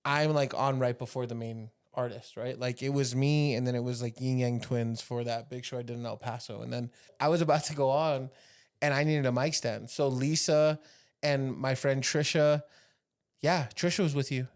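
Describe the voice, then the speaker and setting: A man hosting a podcast in casual chat, joking and teasing, quick to laugh. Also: mid-range voice, fairly even intonation, smooth. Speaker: podcast host.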